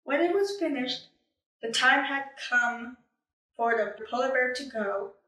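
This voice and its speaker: A woman reading a children's picture book aloud in an expressive, animated way. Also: sits high, unhurried, distant mic. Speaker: storybook reader. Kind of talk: children's story read-aloud. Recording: echoey room, away from mic.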